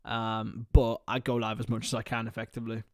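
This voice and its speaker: A young man hosting a casual live stream, chatting with viewers by name and bursting into excited shouts. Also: fairly low pitch, fairly quick, no room sound, studio quality. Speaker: livestream host.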